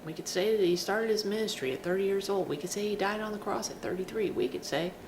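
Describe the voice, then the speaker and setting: A woman's voice: medium pitch, fast talker. A woman giving an informal devotional talk, telling a story in a chatty, self-deprecating way. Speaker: Christian devotional speaker. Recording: steady background noise.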